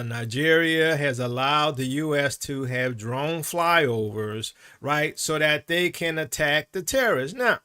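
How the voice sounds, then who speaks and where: Brief: male commentator, animated and sarcastic, bright tone, swings his pitch a lot. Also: clean tone. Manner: animated, sarcastic, keeps asking "right?". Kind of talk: opinionated commentary.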